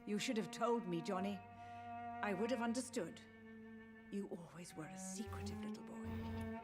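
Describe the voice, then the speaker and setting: An actress voicing a frail, confused old mother who grieves for her lost children, in a soft, wistful game performance. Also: mid-range voice, moderate pace, over loud music, close to an everyday voice. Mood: mournful. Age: older. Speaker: game character. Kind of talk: video game voice acting.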